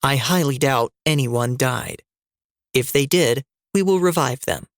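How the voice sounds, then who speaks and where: A man's voice: medium pitch, unhurried, no room sound, studio quality, close to an everyday voice. A man voicing a defiant, fierce woman rebel leader in an audiobook reading, cutting and sarcastic in tone.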